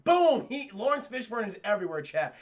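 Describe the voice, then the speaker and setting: Male streamer, high bright voice with gravelly edges, profane, excitable movie recapper. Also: a little fast. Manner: excitable, profane, laughs often, talks to chat. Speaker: film reviewer streaming to live chat. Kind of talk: animated spoiler recap with quoted character voices.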